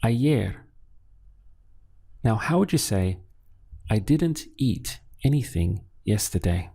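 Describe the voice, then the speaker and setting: A man's voice: lowish voice, expressive, slow pace, gravelly, mellow, husky. A man teaching a language lesson, patiently asking how to say a phrase and then giving the answer himself. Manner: patient, asks questions then gives the answer.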